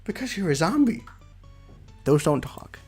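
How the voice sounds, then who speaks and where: A man's voice: very animated, unhurried, a little mellow, breathy edge, faint music behind, exaggerated voice. A man voicing a startled young visual novel protagonist in exclaiming lines. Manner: exclaiming, raised pitch. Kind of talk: reading a visual novel aloud.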